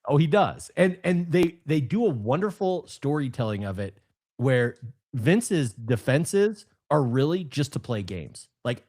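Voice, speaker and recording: Podcast co-host, male, 30s, lively pitch, excitable storyteller. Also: measured pace. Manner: animated storyteller, bursts of excited emphasis. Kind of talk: casual podcast chat.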